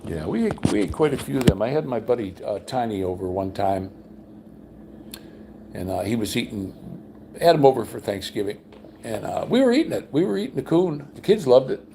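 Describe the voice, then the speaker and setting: Gravelly and sing-song, this older man's voice moves a little quickly against background noise. While undergoing cancer treatment, the vlogger hosts a rambling livestream from his high-ceilinged home room, telling folksy stories and mimicking what others said in a raised, higher pitch.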